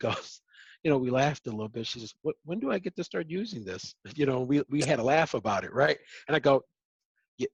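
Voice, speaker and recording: A man's voice: mid-range voice, husky, no echo, muffled recording. A man hosting a panel discussion, speaking conversationally with many stammering restarts. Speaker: host.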